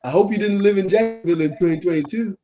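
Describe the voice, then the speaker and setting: A man hosting a casual chat podcast, telling stories in an animated way and acting out voices. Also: high voice, fast talker. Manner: animated storyteller, acts out voices. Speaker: podcast host.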